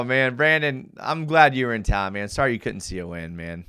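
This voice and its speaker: A young man hosts a live fan show, breaking down game film and getting animated and easily fired up while reading viewer comments. His voice is medium-pitched and smooth, at a normal speed.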